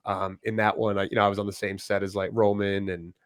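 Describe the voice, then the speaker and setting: A man's voice: fairly low pitch, quick pace, no echo, clean studio sound. A young man, a wrestler guest, chatting casually in an interview, laughing often and cursing easily. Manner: relaxed storyteller, laughs often, swears casually.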